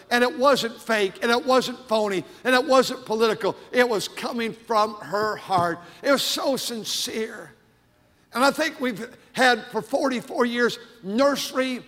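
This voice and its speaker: An older man, a pastor, preaching a sermon with fervent emphasis that rises into shouts, in a church sanctuary. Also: very high voice. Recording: long hall reverb.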